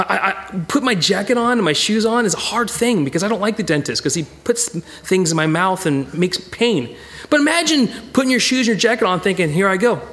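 Brief: high, lively male Bible teacher, theatrical, repeats himself. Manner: animated, acts out quoted voices, stammers and repeats words.

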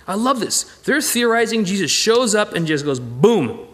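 A husky, high-voiced man speaking at normal speed leads an informal Bible study with slides. He is animated and emphatic, talking it through conversationally with frequent restarts and emphatic bursts.

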